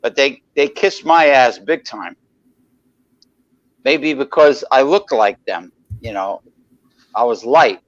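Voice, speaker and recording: A man's voice: mid-range voice, animated, takes it slowly, pauses often, no echo. A man co-hosting a casual talk show, rambling through anecdotes and greeting viewers in the chat. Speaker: podcast co-host. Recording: dry, dull lo-fi mic.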